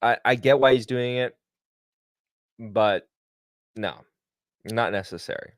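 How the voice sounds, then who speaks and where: A man co-hosting an investing livestream, calmly explaining and laughing at the chat. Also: medium pitch, slow, dry recording, clean studio sound. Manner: amused, laughs often, reads chat aloud.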